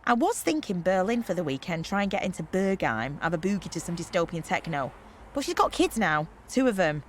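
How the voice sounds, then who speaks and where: A woman's voice: lowish voice, very animated, fairly quick, slight background noise. An actress playing a brash, boozy young woman organising a party trip in a comedy radio play, cheeky and slangy.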